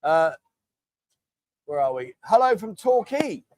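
Man, middle-aged, high voice, chatty livestream host, dry sound. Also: big pitch swings, slow pace, a little mellow, no echo. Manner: chatty and matey, often calls people mate. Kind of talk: casual live chat reading viewer comments.

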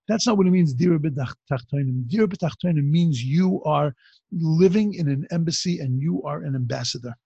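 A man's voice: fairly high pitch, lively intonation, moderate pace, vocal fry, mellow, slightly rough, dry recording. A man giving a religious teaching talk, telling stories in a loose, conversational way with frequent restarts. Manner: conversational storytelling with many restarts. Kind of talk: Torah class talk. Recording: dull lo-fi recording.

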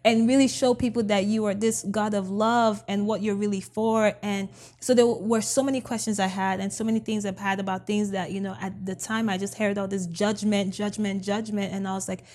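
A woman's voice: mid-range voice, little pitch movement, brisk, darkish tone. A woman from Nigeria, a pastor and podcast guest, telling a story animatedly and acting out her own past words.

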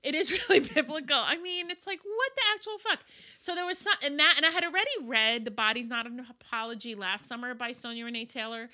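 A woman's voice: high-pitched, fast talker, pushed and bright. A woman from Egypt in casual chat, telling a candid, profanity-laced story with laughter.

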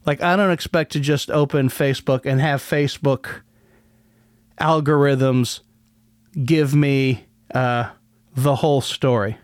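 A man's voice: medium pitch, fairly even intonation, measured pace, smooth, no echo. A man hosting a casual solo podcast, rambling with many restarts and a sardonic edge. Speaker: podcast host.

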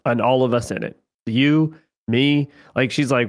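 A man's voice: mid-range voice, a little slow. Man retelling a show scene. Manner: animated retelling, acts out quotes. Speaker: podcast co-host. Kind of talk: casual recap chat.

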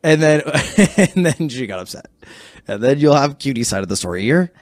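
A man's voice: medium pitch, sing-song, moderate pace, no room sound. Sheepish rambling young man, dry sound. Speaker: podcast guest. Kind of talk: casual podcast chat.

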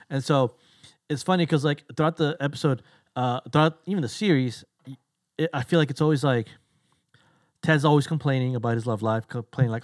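A man's voice: mid-range voice, no room sound. Guy rattling off a casual podcast chat, tossing in little voiced bits, dry close mic. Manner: rapid, loose retelling with quick voiced asides. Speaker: podcast co-host.

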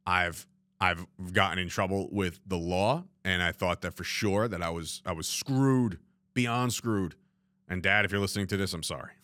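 Speaking alone from a studio, this podcast host reflects in a candid, rambling monologue full of swearing and frequent "you know what I mean." His voice is low, pushed and bright, at a normal pace with no room sound.

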